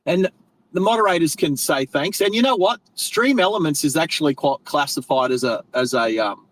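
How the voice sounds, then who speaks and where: Australian male streamer, middle-aged, rambly casual chatter, voice sits a little high. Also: lively intonation, moderate pace, a bit bright, low-quality recording. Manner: rambling, chatty, self-correcting, friendly slang. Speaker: live stream host. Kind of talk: casual live stream chat while driving.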